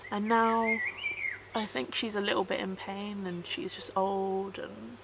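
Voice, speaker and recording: A woman records a personal vlog outdoors, her voice soft, halting and sorrowful. She circles back on her words and repeats herself as if steadying her nerves. Clear background noise of birds and wind runs under the recording. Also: mid-range voice, little pitch movement. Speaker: vlogger.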